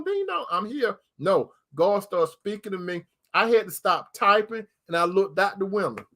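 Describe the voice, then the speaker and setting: A man preaching informally to online viewers, folksy and repetitive, speaking straight to his listeners. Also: high voice. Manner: folksy, repeats phrases for emphasis, addresses listeners directly.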